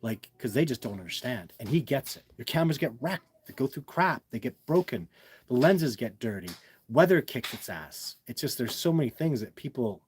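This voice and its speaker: A man's voice: mid-range voice, lively intonation, moderate pace, darkish tone, slight background noise. A man hosting a casual livestream, talking emphatically and with many repeats, answering viewers' questions. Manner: emphatic, repetitive, addresses viewers as guys.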